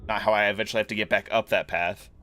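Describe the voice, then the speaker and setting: Man, lowish voice, relaxed rambling let's-play commentator thinking out loud, faint game music underneath. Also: very fast. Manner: musing aloud, relaxed, rambling. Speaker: gaming streamer. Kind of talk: casual gameplay commentary.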